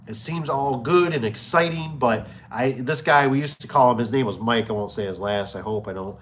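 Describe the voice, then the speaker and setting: A man's voice: medium pitch, a bit bright. A man telling rambling stories about his business in a casual live chat, often repeating himself and acting out the people he quotes. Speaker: small business owner hosting a live stream. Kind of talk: casual storytelling.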